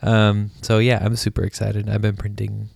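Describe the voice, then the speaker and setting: A man's voice: fairly low pitch, completely flat delivery, moderate pace, gravelly, a little mellow, breathy edge, dry recording, clean studio sound. A man in his thirties with a nasal voice and a head cold, co-hosting a casual couple's podcast in a laid-back way and laughing often. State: has a cold. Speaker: podcast co-host. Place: darkened room at home. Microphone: studio microphone.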